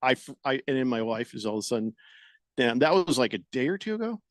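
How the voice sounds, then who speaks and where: A man's voice: mid-range voice, very animated, fast talker, no echo. A middle-aged man on a radio show, telling a long story in a rambling way, full of restarts and fillers, into a studio mic. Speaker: radio co-host. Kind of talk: casual radio banter.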